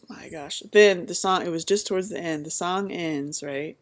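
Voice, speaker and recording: Lowish woman's voice, thirties, animated storyteller who acts out the people she quotes. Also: normal speed, hardly any pauses. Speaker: vlogger telling her birth story. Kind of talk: casual storytelling.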